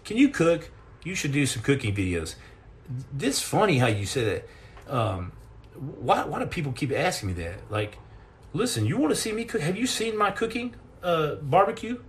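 A man's voice: on the high side, big pitch swings, moderate pace, a little hiss or hum. A middle-aged man hosting a casual live chat and answering questions, telling rambling, jokey stories with many restarts and repeated words.

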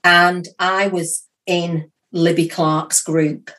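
A woman's voice: lowish voice, extremely slow. Chatty woman guest telling a story. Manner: chatty and animated, acting out quoted speech. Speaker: podcast guest, psychic medium. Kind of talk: casual storytelling.

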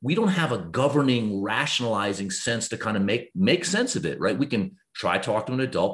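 A man in his fifties, a guest author, talking earnestly and reflectively in a podcast conversation. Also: brisk. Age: 50s. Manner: earnest, reflective, lively swings in pitch when explaining.

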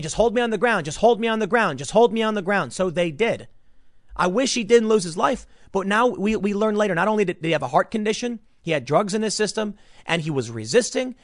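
A man hosting a solo commentary show, talking in an opinionated, animated way and slipping into mocking impressions. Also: sits high, dry recording, studio quality. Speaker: political commentator.

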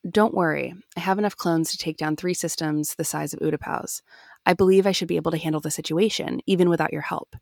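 A calm, reassuring older Jedi mentor, as a woman reads him aloud from a novel. The voice sits low with some gravel. It sounds close and dry. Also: fast talker, dry recording. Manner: gentle, reassuring.

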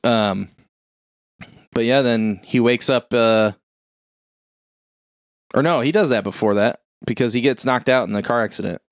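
Young guy, casual recap, profane and animated, squeaks up high for quotes, dry close sound. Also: unhurried, pauses often, dry recording. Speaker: podcast co-host retelling a film. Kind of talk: casual chat.

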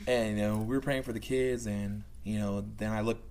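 A young youth ministry leader tells stories casually and animatedly, laughing and filling his talk with "like" and "you know." His voice is fairly low, steady, brisk, darkish, and clean.

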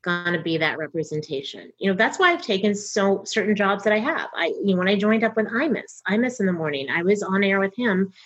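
Talking fairly quickly with hardly any pauses, a middle-aged woman from North Texas, a comedian and voice actor, gives a candid interview in a slightly rough, mid-range voice. She's an animated storyteller who acts out other people's lines. The recording is muffled.

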